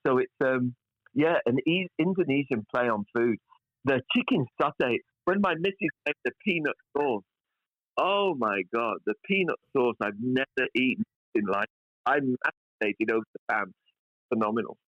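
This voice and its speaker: Blunt, sweary chef. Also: male voice, mid-range voice, normal speed, no echo. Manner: blunt, swears freely, animated. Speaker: chef guest. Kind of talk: casual podcast chat. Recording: dull lo-fi sound.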